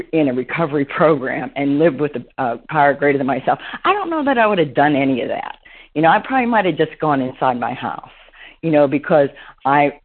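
On a recovery meeting call, a woman with a low, slightly husky voice shares her story warmly and from the heart. She rambles, leaning heavily on fillers like "you know." The audio is narrow and tinny, like a phone line.

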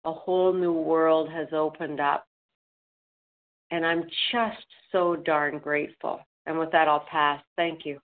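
Woman, meeting member, low monotone, sincere, phone audio. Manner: slow, earnest, grateful. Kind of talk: closing a personal share. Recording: tinny phone line.

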